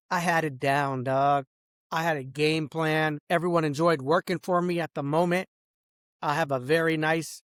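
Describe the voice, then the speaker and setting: Speaking to camera in a clean studio with no room sound, a man with a slightly bright, high-ish voice rambles profanely about his businesses. Bragging and heated, he calls the listener bro and dog, flipping from outbursts to mutters.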